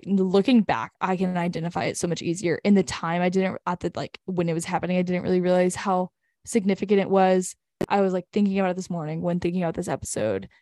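A woman's voice: on the low side, mellow, dry recording. Rambling young woman, dry sound. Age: young adult. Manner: rambling, heavy use of "like". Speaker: podcast co-host. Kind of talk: casual faith chat.

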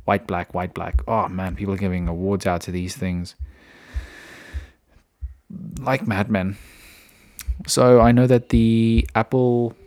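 A man's voice: on the low side, flat delivery, slow, long pauses, darkish tone. A man hosting a casual solo podcast, rambling chattily from topic to topic with frequent fillers and restarts, recorded indoors at home. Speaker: podcast host.

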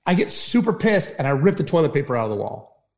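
A middle-aged man, a firefighter, telling stories in an animated way and often asking "right?". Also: fairly high pitch, fast. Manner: animated storyteller, frequent "right?" tags. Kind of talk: storytelling talk.

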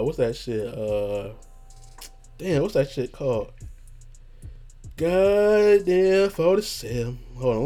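A man's voice: fairly high pitch, warm tone. A young man hosting a podcast in casual chat, rambling in slang, swearing freely and trailing off as he hunts for words. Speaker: podcast host.

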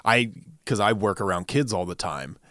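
A man who works with kids, chatting casually in a relaxed, joking way. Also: lowish voice, normal speed, no room sound, studio quality. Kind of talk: casual chat.

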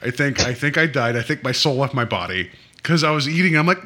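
A man hosting a podcast, telling a story in animated, playful casual chat. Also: medium pitch, fast talker. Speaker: podcast host.

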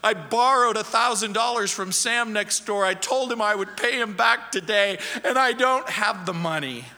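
A man's voice: sits high, moderate pace, pushed and bright, in a large hall. Man playing a fretful husband up at night. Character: anxious husband pacing at night.

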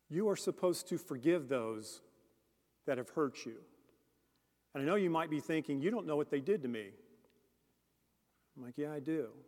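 In a church with long reverb, a deacon delivers a sermon in a slightly mellow, rather high voice. He speaks earnestly and directly to the congregation, posing questions to them.

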